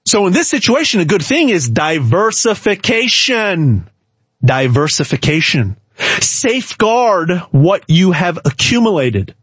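Man, sales pitch, emphatic, repetitive, lively swooping pitch, husky. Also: unhurried, dry recording. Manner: emphatic, repetitive, stumbles and restarts; hard-selling, talks straight to the viewer. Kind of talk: direct-to-camera sales pitch.

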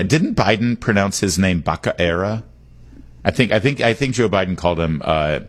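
A middle-aged man hosting a political talk radio show, talking in an animated, digressive and emphatic way. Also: low-pitched.

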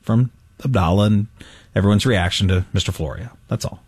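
A man's voice: fairly low pitch, slightly rough, no echo. A man co-hosting a sports radio show, teasing his colleagues in casual banter. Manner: teasing, quick and animated.

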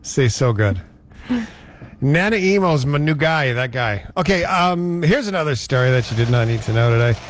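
A man's voice: mid-range voice, expressive, normal speed, slight background noise. A man hosting a radio show, chatting casually and joking with his co-host. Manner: playful, laughs often. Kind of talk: casual chat.

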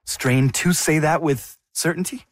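A man's voice: a little high, unhurried, a little hiss or hum. A man co-hosting a news discussion, asking questions and explaining with some hesitation. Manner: inquisitive, hesitant. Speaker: co-host.

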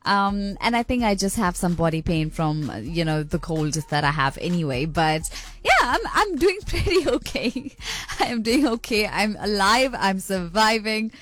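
A woman's voice: mid-range voice, animated, moderate pace, fairly bright tone. A woman presenting a radio show, chatty and bubbly, reading out listener messages and laughing easily. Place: radio studio.

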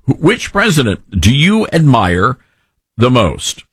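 A man with a mid-range, husky voice speaks slowly, recorded with no echo. He hosts a call-in talk radio show into a studio mic, animated and jokey, often repeating his words.

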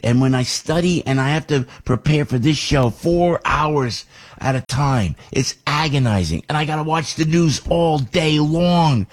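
A man hosting a political talk show, rambling and repeating himself in an animated way. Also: mid-range voice, slightly rough. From New Jersey.

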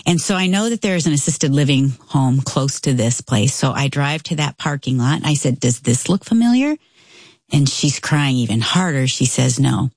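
A woman telling a story in casual conversation, acting out the voices she quotes in an animated way. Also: rumbling low, moderate pace, few pauses, husky, no echo, clean studio sound. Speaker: storyteller guest.

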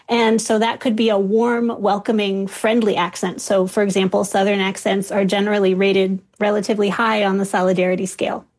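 A woman linguist speaking as a radio guest, explaining in a clear, measured way. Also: medium pitch. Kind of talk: explanatory interview talk.

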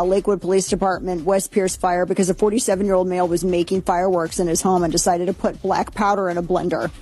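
Mellow husky-voiced woman radio host. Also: mid-range voice. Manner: chatty, rambling, lots of fillers. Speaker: radio talk show host. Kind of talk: casual news chat and read ad.

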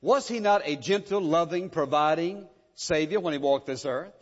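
A man's voice: on the high side, normal speed. A pastor preaching a sermon, pressing his point with rhetorical questions and repeated words. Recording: dull lo-fi sound in a reverberant hall.

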